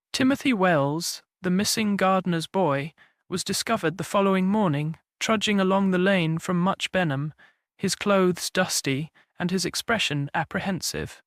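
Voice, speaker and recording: A man with a notably high voice narrates a classic detective audiobook. His storytelling is even and measured, paced for listeners. The studio sound is dry and close. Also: no room sound. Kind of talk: scripted mystery narration.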